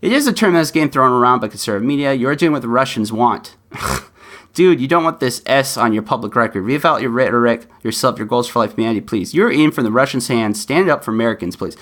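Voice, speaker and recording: A man's voice: mid-range voice, lively intonation, fast talker, fairly bright tone. A man hosting his own podcast talks alone to his listeners. He speaks earnestly and often pleads with them. His talk is loose and full of ums and uhs. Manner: earnest and pleading, with frequent fillers. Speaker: podcast host. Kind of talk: solo podcast monologue.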